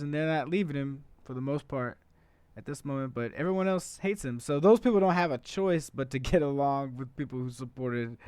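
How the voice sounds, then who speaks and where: A man's voice: medium pitch, darkish tone, smooth, dry recording. A man hosting a political podcast in a casual, profane, conversational monologue, full of filler uhs. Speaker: podcast host.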